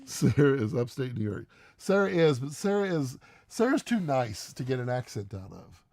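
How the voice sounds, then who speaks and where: A man co-hosting a live stream, chatting casually and quickly, laughing often as he answers questions. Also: medium pitch, big pitch swings, mellow. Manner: fast-talking, laughs often.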